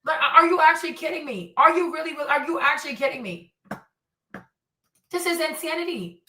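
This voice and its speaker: A woman's voice: sits high, animated, normal speed, bright, forceful tone, reverberant, far from the mic, poor audio. A woman hosting a commentary stream, ranting in an indignant, preachy way and repeating herself for emphasis. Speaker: commentary host.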